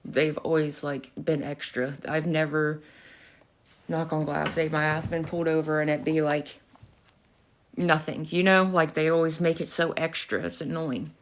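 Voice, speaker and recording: Animated young woman livestreaming, lowish voice. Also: moderate pace. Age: young adult. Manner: animated storytelling, swears freely, laughs often. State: out of breath. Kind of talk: casual livestream chat.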